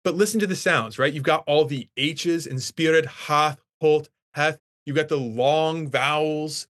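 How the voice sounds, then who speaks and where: Male English professor with a slightly high voice, enthusiastic classroom lecturer. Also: a little slow, a bit bright. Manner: enthusiastic, emphatic about the poetry.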